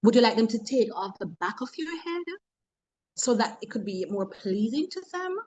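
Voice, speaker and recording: A woman's voice: on the high side, very animated, moderate pace, a little mellow, poor audio. A woman with a Jamaican accent, a motivational speaker in a webinar talk, humorous and preachy, telling stories from work.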